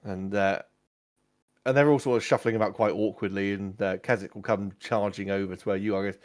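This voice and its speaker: A man's voice: lowish voice, fairly even intonation, brisk. A man narrating a tabletop game as game master, casual and full of fillers.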